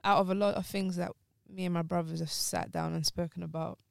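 Grieving woman, gravelly voice. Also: lowish voice, fairly even intonation, a little fast, dry recording. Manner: emotional and open, grieving, voice close to tears. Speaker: podcast co-host. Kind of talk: casual chat.

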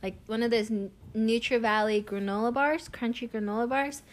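A young woman spins a rambling everyday story for her viewers. She is chatty and animated, laughing often, and her voice sits a little on the high side. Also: normal speed. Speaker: vlogger. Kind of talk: casual storytelling to camera.

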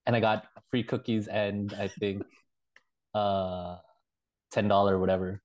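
A man co-hosting a podcast, telling halting, rambling anecdotes in casual chat with laughs. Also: lowish voice, flat delivery, a little mellow. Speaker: podcast co-host.

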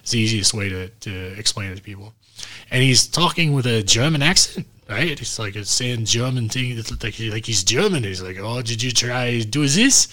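A man's voice: on the low side, normal speed. A man co-hosting a podcast, telling a funny story in casual, profane chat and acting out the people in it. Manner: animated, profane, acts out quoted voices. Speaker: podcast co-host.

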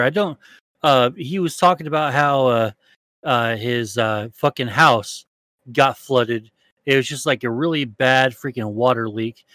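A man's voice: medium pitch, fairly bright tone, no room sound. A man co-hosting a podcast in casual chat, rambling and swearing with many fillers and restarts. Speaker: podcast co-host.

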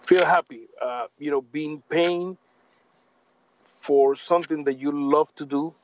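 A man from Puerto Rico, a native Spanish speaker with a Puerto Rican accent, talking in a casual interview in halting, repetitive English. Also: on the high side, steady tone, muffled recording. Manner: halting, repeats words, drops grammar. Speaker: guest.

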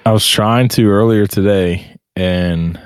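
A man's voice: on the low side, fairly even intonation, slow pace, smooth, no room sound, studio quality. A man co-hosting a podcast, telling crude stories in casual chat and laughing often. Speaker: podcast co-host.

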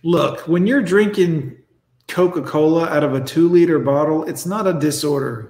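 A man's voice: a little high, darkish tone. A man hosting a reaction video, ranting bluntly and with heavy profanity. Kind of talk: mocking reaction commentary. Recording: roomy echo.

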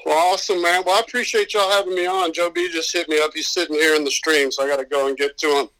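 A man with a Southern drawl and a bright, forceful tone sits somewhat high in his range. He talks in quick bursts of hype and swearing, like he is plugging a big event. The sound is close and dry. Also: little pitch movement, dry recording, low-quality recording. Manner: hyped, profane, fast-talking promo delivery. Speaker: podcast guest. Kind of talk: casual chat.

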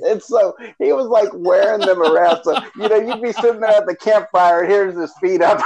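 A man's voice: fairly high pitch, brisk, creaky, crowd noise, low-quality recording. A man co-hosting a podcast, reminiscing in casual chat and often breaking into giggles. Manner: giggly, keeps breaking into laughter. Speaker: podcast co-host.

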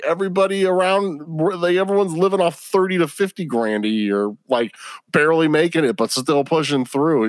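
A man rants on his solo podcast, swearing freely and piling on slang. His pitch leaps and drops all over the place as he gets worked up, and the sound is close and dry with no room in it. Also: no echo. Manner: profane, exasperated ranting full of slang. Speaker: podcast host. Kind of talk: casual solo podcast rant.

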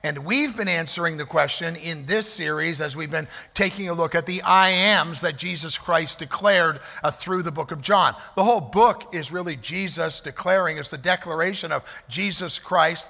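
Gravelly bright-voiced male pastor preaching. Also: a little high, normal speed, few pauses. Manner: earnest preaching with repetition and fillers. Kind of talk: sermon. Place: church sanctuary. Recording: reverberant hall.

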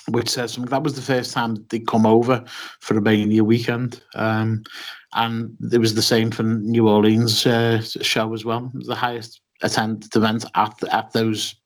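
A man's voice: fairly low pitch, little pitch movement, moderate pace. A man co-hosting a casual podcast chat, telling a long story with many ums and restarts. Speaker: podcast co-host.

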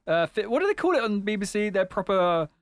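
A man hosts a podcast in loose, teasing chat and laughs often. His pitch jumps around a lot. The sound is dry and close. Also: sing-song, fast, no echo. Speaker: podcast host. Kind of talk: casual chat.

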